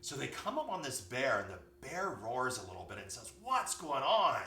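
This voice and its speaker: Man, yoga teacher telling a kids' story, lively expressive voice, bright, echoey room with faint hum. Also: medium pitch, fairly quick, far from the mic. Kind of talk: storytelling for children.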